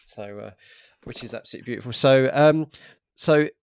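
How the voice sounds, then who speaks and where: A man with an Essex accent hosting a podcast interview, chatty and quick to laugh, often restarting his sentences. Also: mid-range voice, creaky, smooth, no room sound, clean studio sound. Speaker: podcast host. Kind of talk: casual interview chat.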